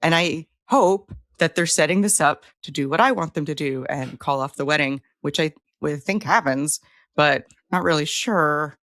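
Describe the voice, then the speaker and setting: A woman co-hosting a podcast in casual chat, emphatic and quick to react. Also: deep voice, a bit bright, dry recording, clean studio sound. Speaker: podcast co-host.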